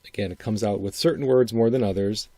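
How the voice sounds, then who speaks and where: A man's voice: fairly low pitch, fairly even intonation, quick pace, dark tone, no room sound. A middle-aged man from Wisconsin with a faint upper Midwestern accent, hosting a solo podcast in a rambling, thinking-aloud way. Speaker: podcast host. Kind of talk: casual solo podcast commentary.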